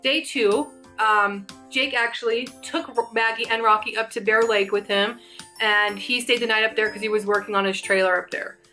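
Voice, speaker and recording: Bright chatty young woman telling a story. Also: a little high, steady tone, normal speed, faint music behind. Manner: chatty, rambling, often restarts mid-sentence. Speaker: vlogger. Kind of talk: casual storytime.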